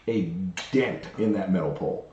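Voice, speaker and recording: A man co-hosting a podcast, telling a story in a casual chat and acting out the dialogue with lively swings in his voice. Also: low-pitched, moderate pace, reverberant, highs cut off. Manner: animated, acts out quoted dialogue. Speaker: podcast co-host.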